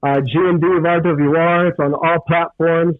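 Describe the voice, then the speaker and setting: A man's voice: a little high, fairly even intonation, moderate pace, dry recording. A man guesting on a podcast, talking earnestly in a casual chat. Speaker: guest rapper. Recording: tinny phone line.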